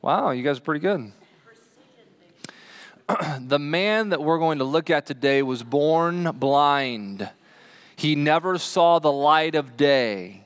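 A man's voice: on the high side, expressive, slow pace, long pauses, a bit bright, smooth. Chatty male pastor preaching a sermon. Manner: chatty, asks the congregation questions. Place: church sanctuary.

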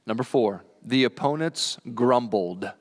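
Earnest preacher in a reverberant church. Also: male voice, mid-range voice, expressive, unhurried. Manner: earnest, chuckles often, voice rises when stirred. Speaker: pastor. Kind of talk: sermon. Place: church sanctuary. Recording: long hall reverb.

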